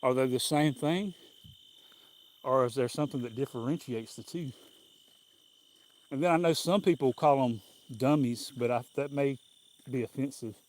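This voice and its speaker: A man's voice: medium pitch, normal speed, pauses often, a little mellow. Chuckling Southern man rambling on a live stream. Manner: rambling folksy storytelling, chuckling often. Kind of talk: casual live-stream chat. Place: outdoors on a walk.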